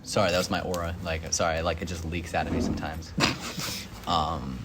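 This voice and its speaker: Animated young man telling a story. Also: deep voice, normal speed, very noisy. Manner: animated storytelling, rising incredulous questions. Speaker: host. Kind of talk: casual chat.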